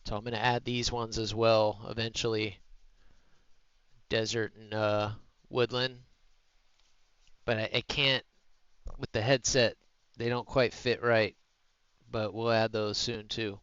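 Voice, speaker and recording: A man's voice: fairly low pitch, little pitch movement, takes it slowly, long pauses, a bit bright, smooth, no echo, muffled recording. A man streaming live from home, chatting in an easygoing, rambling way into a headset mic. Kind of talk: casual live-stream chat.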